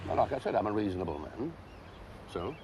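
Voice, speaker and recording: A smug, menacing villain, patronizing with a mocking calm in a TV drama. His voice runs low but moves expressively. Faint background noise sits under him. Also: fast talker. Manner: patronizing, calls others "lad", mocking calm. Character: smug, menacing man holding a hostage. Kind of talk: TV drama acting.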